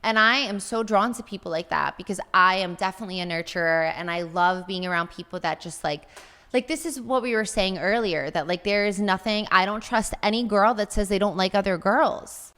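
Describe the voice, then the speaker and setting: A chatty woman guesting on a podcast, talking in a loose, rambling way full of fillers. Her pitch sits in the middle range. The room gives her voice a long echo. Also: brisk, sharp tone, smooth. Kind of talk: casual chat.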